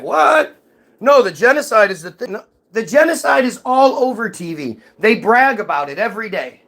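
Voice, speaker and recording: A man's voice: high-pitched, a bit bright. A man hosting his own channel in a heated, profane commentary rant, firing off rhetorical questions. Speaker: commentary host. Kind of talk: ranting commentary.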